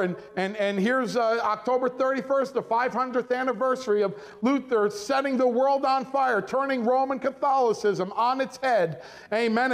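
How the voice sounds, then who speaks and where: Male pastor, very high pitch, emphatic sermon delivery that calls for amens. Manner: emphatic preaching, keeps asking the congregation "amen?".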